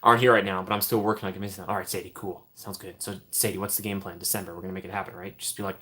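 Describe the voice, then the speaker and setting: Hosting a livestream, a young man with a low voice answers viewers in a relaxed, chatty way, talking very fast with hardly any pauses. He laughs often, and his voice tends to sink into a quiet mumble as each thought winds down.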